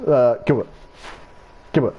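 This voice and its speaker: A young man streaming a football game, casually retelling comedy scenes, swearing often and jumping into high squeaky voices for the lines he quotes. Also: unhurried, highs cut off.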